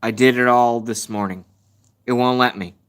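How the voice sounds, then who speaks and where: A man's voice: medium pitch, steady tone, moderate pace, fairly bright tone, clear, resonant tone. Frustrated man ranting on a phone livestream. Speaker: livestream host. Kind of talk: casual live-stream rant. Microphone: phone camera at arm's length.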